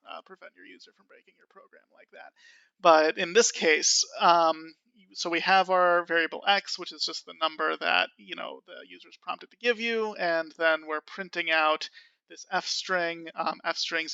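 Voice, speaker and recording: A man talks through a coding tutorial in a relaxed, self-amused way, full of ums and uhs. His voice is fairly high and gravelly yet crisp, with a flat, even delivery. The recording is dry and a little dull. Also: no echo. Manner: casual and self-amused, many fillers. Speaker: programming tutor.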